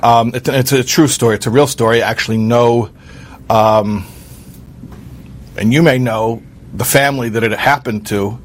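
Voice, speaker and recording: A man telling a true story aloud in an earnest, halting way, with fillers and restarts. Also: medium pitch, steady tone, a little hiss or hum. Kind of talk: spoken storytelling.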